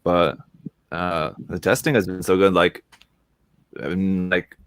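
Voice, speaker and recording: A man in casual chat, talking quickly and loosely with many fillers. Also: low voice, fairly even intonation, dry recording. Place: lives in Korea.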